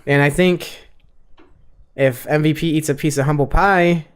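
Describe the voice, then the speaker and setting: This podcast co-host is a young man whose voice sits on the high side, smooth and fairly even in intonation, at a measured pace. His casual talk about fights rambles, swears freely, and leans heavily on fillers.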